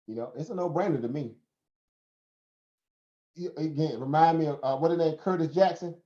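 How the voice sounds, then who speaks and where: A man's voice: on the high side, normal speed, dark tone. Southern American man preaching on a live stream. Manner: preachy, rhetorical questions, laughs often. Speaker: host. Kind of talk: casual live stream talk. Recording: roomy, dull lo-fi stream audio.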